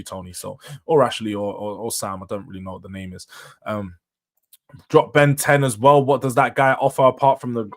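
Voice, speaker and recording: A young man, hosting a casual solo football review; blunt and opinionated, full of slang, firing off questions and answering them himself. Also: medium pitch. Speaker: football channel host.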